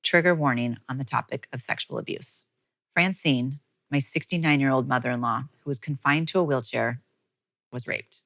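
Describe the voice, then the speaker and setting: A woman's voice: a bass voice, normal speed, a bit bright, dry recording, rough recording. A woman podcast host telling a heartfelt personal story in a storytelling monologue, emotional at moments.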